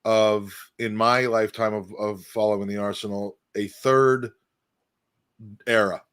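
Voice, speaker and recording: A man's voice: lowish voice, steady tone, a little slow, fairly bright tone, smooth. A man hosting a podcast, talking in a rambling, hesitant, self-deprecating way. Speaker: podcast host. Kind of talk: casual podcast chat.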